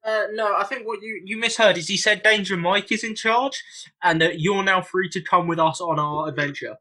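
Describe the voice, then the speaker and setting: A man's voice: high-pitched, moderate pace, pushed and bright. A man playing a tabletop game on a video call, rambling and laughing often. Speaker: player. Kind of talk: casual tabletop play.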